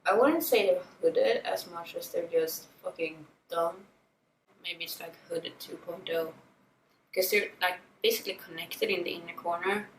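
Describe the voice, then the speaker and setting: A young woman with a Swedish accent talks through her makeup routine in a loose, frank way, swearing and laughing as she goes. Her voice sits fairly low for a woman. She is recorded by a camera mic set back in a roomy space with a faint hiss behind her. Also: normal speed, far from the mic. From Sweden. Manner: casual, frank, swears freely, laughs often. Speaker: beauty vlogger. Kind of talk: chatty get-ready-with-me vlog. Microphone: camera-mounted mic, a little far.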